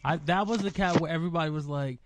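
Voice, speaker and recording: A man co-hosting a podcast in casual chat, telling stories in an animated, slangy way. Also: on the high side, quick pace, background noise. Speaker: podcast co-host.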